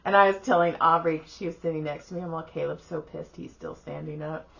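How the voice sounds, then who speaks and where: Sitting low, gravelly, and brisk, with the highs cut off, the voice belongs to a middle-aged woman co-hosting a podcast. She chats casually as an animated storyteller, acting out the voices of people she quotes and swearing freely.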